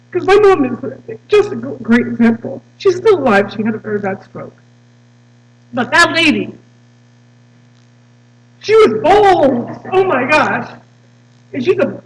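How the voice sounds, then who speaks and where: A woman guest speaker addressing a congregation, emotional and halting, with many restarts. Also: on the high side. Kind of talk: personal talk to a congregation. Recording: distant mic with mains hum.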